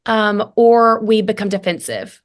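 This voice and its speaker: A woman in her thirties speaks earnestly as a guest on a parenting podcast. She tells animated family stories and acts out the dialogue. Her voice sits in a middle pitch. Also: measured pace. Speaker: guest, family communication coach. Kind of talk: conversational interview.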